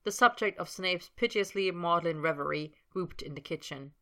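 A woman narrating a work of fiction as an audiobook, in a steady storytelling manner. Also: lowish voice, moderate pace.

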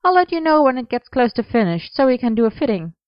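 A woman puts on a brisk young costume maker who bosses her friends around with a grin. The voice is smooth and close, in a dry room. The recording sounds a bit dull. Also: fairly high pitch, very animated, no room sound, voice pushed up. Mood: brisk, teasing. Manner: brisk and teasingly stern.

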